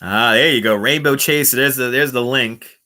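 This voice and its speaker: In this casual home livestream, a man reads viewer comments playfully and laughs frequently. His mid-range voice has a sharp tone and moves at a normal speed, recorded through a wireless clip-on mic.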